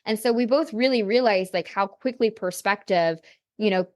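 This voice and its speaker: Appearing as a guest on a podcast, a woman recounts something personal in a candid, thoughtful way. Her medium-pitched voice keeps a moderate pace, sprinkled with frequent "like" and "you know."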